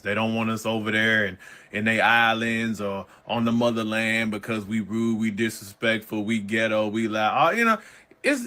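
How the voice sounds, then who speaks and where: A man's voice: on the low side, sharp tone. A man co-hosting a podcast, giving profane, sarcastic commentary with lots of energy. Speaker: podcast co-host.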